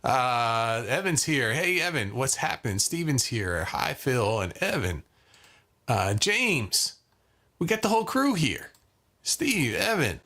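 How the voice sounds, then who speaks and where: A man's voice: medium pitch, big pitch swings, slow, pushed and bright. A man hosting a live guitar lesson in a casual, chatty way, greeting viewers by name and using lots of fillers. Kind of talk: casual live-stream teaching.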